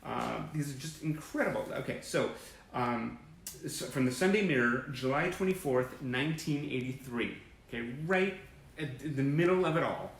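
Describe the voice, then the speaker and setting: A man's voice: medium pitch, lively intonation, moderate pace, creaky, echoey room, a little hiss or hum, rough recording. A man hosting a fan livestream, chatting enthusiastically and rambling as he reads old press clippings and greets viewers by name. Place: indoor room with sunlight through a window. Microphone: webcam or phone livestream.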